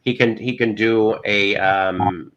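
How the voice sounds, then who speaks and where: A man's voice: on the low side, steady tone, slow, a bit bright, muffled recording. A man co-hosting a casual show, rambling through crude jokes and repeating himself. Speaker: podcast co-host. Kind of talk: casual joking chat.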